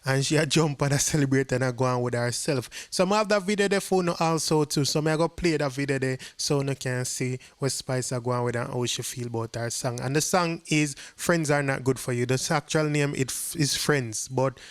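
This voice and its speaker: A man's voice: mid-range voice, fairly quick, few pauses, no room sound. A Jamaican man hosting a channel, chatting casually and often checking in with the viewer. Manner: chatty, repeats "you see me?". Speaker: channel host. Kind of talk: casual vlog commentary.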